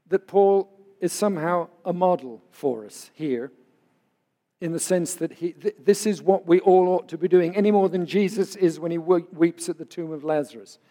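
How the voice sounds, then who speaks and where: An older man, a pastor, preaching in an earnest, conversational way and telling personal stories. His voice sits high for a man. Long reverb trails behind him as it carries through a hall. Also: mellow. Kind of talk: sermon.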